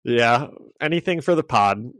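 A man's voice: medium pitch, lively intonation, measured pace, a bit bright, no echo. Man recapping comics with laughs, dry mic. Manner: chatty, laughing, frequent restarts. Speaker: podcast co-host recapping comics. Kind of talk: casual chat.

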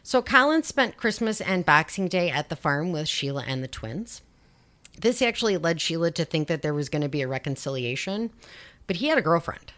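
A woman's voice: deep voice, sing-song, fairly quick, fairly bright tone. A woman hosting a podcast, recounting a true-crime case in a chatty way with sarcastic, sweary asides. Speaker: podcast host. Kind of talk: casual true-crime storytelling.

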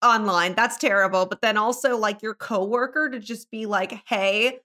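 Podcast host, woman, casual chat, expressive reactions, mid-pitched voice. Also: normal speed. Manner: expressive, reacts with disbelief and laughter.

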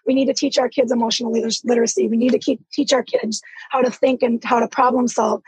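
A woman's voice: on the high side, flat delivery, quick pace, a little mellow, slightly rough, no room sound, rough recording. An earnest, urgent woman asking a long, emphatic question in an online panel discussion. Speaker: caller.

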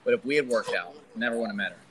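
A man's voice: lowish voice, rapid-fire, a crowd in the background, low-quality recording. A young man chatting casually as a podcast guest, laid-back and rambling, often laughing. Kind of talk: casual chat.

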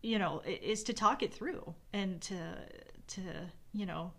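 A woman's voice: mid-range voice, unhurried. A middle-aged woman in casual conversation, reflecting at length on her marriage with many fillers and restarts. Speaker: podcast co-host talking about her marriage.

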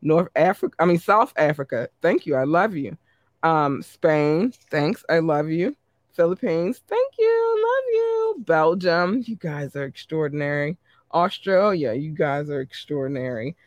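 Man, podcast host, casual and upbeat, slightly high voice, dry room. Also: no echo, dull audio. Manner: upbeat, chatty, drawn-out list reading. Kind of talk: casual listener shout-outs.

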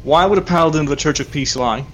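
A man's voice: fairly high pitch, fast, lo-fi sound. A man with a Southern US accent playing a paladin in a tabletop game, talking earnestly and repeating himself. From Southern United States. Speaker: player. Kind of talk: in-character tabletop play.

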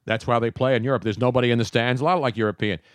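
A man's voice: medium pitch, fairly even intonation, rapid-fire, dry recording, studio quality. A man hosting a casual sports talk show, chatty and wisecracking, rambling from one topic to the next. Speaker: radio talk show host.

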